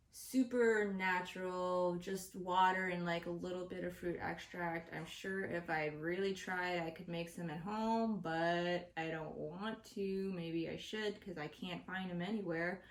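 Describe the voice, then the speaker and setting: A woman's voice: lowish voice, fairly even intonation, unhurried. A woman hosting her own show, delivering an exasperated, profane comedic rant to the camera. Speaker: host. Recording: roomy echo.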